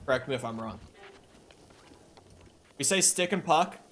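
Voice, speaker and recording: A man's voice: medium pitch, animated, measured pace, a bit bright. A young man from Minnesota with a Minnesotan accent, casually chatting with his stream chat while he plays, loose and offhand, swearing now and then. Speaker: game streamer.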